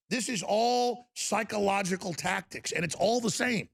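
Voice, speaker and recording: A man's voice: sits high, normal speed, fairly bright tone. A male talk show host delivering a fervent, ranting radio monologue with mocking asides. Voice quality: gravelly.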